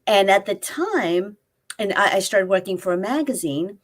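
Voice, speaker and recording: Speaking at normal speed in an expressive, medium-pitched voice, a woman in her fifties chats casually as an interview guest. She is a life coach, and from a spare room at a family home she tells stories, performing the dialogue she quotes.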